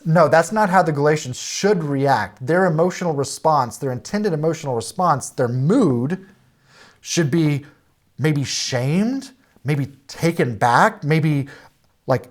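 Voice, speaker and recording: A man teaching a church Bible study lesson in a conversational way. He speaks plainly, often pauses on "uh," restarts phrases, and explains with lists of example words. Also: a little high, expressive. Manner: plain-spoken, with frequent "uh" and restarts.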